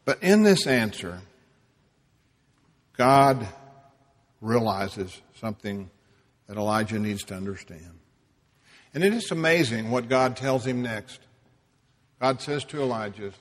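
A man preaching a sermon, emphatic, dropping to a hush and rising loud for stress. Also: fairly low pitch, animated, long reverb tail. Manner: slow, emphatic, swings between hushed and loud.

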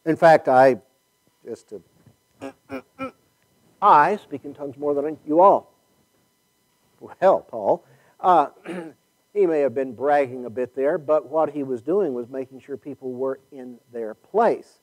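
A man leads a Bible class in a loose, conversational way. His voice sits a bit higher than most men's, and he thinks out loud and keeps turning questions back to the group. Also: slow pace, pauses often, poor audio. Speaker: Bible study teacher.

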